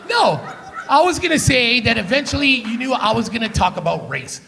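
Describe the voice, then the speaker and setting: Canadian stand-up guy on a theater stage, high gravelly voice, loud and crude, roasting the crowd. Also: big pitch swings, a little fast. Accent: Canadian English. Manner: brash, profane, crowd-teasing. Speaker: stand-up comedian. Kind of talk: live stand-up comedy. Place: live theater stage with audience.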